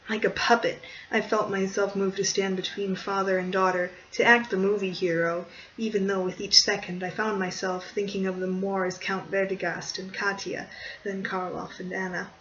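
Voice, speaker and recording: A reader narrating a gothic horror short story in a measured, even way, at a middling pitch. The recording is dull and a little distant, with a faint hiss underneath.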